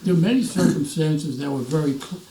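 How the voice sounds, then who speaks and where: A man in his nineties, a veteran, telling animated stories in an interview and acting out the voices of others. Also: fairly high pitch, fairly quick, slight background noise. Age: 90s. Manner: animated storyteller, acts out quoted voices, restarts often. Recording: roomy echo, mic at a distance.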